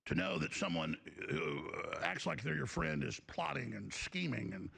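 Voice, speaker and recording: A man's voice: mid-range voice, big pitch swings, moderate pace, creaky, pushed and bright, slightly rough. A man hosting a talk show, delivering a heated, emphatic on-air rant. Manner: emphatic, ranting, mimics others mockingly.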